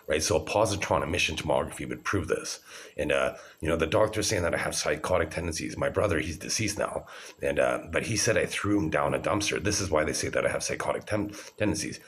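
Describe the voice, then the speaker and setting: A man's voice: extremely low pitch, expressive, fast, fairly bright tone, a little hiss or hum. A man in his forties talking to camera in an agitated, rambling, profane monologue. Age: 40s.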